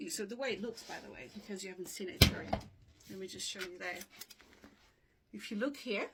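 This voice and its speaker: Patiently explaining dictionary pronunciation in an informal video lesson, a woman keeps asking "okay?" Her mid-range voice sounds bright, forceful and slightly rough. With no mic, the recording picks up the room, and she sometimes moves away from the camera.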